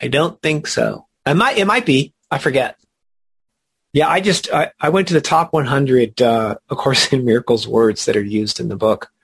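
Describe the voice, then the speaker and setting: Gravelly-voiced male study teacher, earnest, stretches key words, husky tone. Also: mid-range voice, moderate pace, a bit bright.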